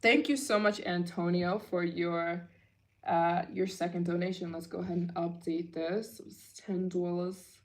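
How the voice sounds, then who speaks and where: A woman's voice: fairly low pitch, steady tone, a little slow. A woman hosting a casual livestream Q&A, gushing and chatty, with lots of filler words. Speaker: travel channel host.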